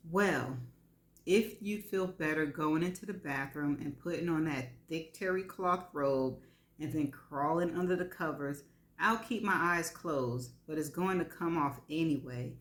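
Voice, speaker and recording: A woman reading as a teasing, confident man. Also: low-pitched. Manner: teasing, reassuring. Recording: echoey room.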